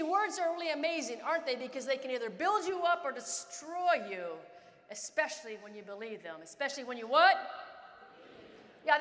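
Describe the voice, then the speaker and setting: A woman's voice: high-pitched, bright, forceful tone. A woman in her fifties giving a dramatic motivational keynote, telling stories and acting out scenes. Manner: dramatic, acts out scenes and voices. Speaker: keynote speaker. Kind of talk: motivational storytelling speech. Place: large conference hall. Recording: long hall reverb.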